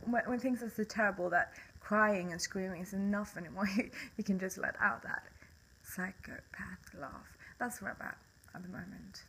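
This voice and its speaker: A woman's voice: mid-range voice, normal speed, bright, forceful tone, slight background noise, poor audio. Blunt, swearing Swedish young woman. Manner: passionate and blunt, swears a lot, laughs bitterly. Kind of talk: casual monologue to camera.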